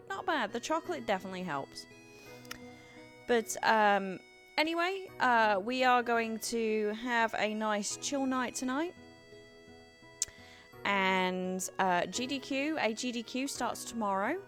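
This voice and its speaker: A woman streamer chats casually and rambles, trailing off into fillers as she goes. She talks at an unhurried, slow pace. Faint music plays quietly behind her. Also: medium pitch. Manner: rambling, chatty, filler-heavy. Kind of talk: casual chat.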